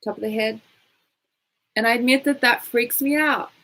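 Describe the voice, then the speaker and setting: A woman guiding a tapping session, calmly giving instructions and phrases for the listener to repeat aloud. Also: on the high side, normal speed, poor audio. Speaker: tapping coach.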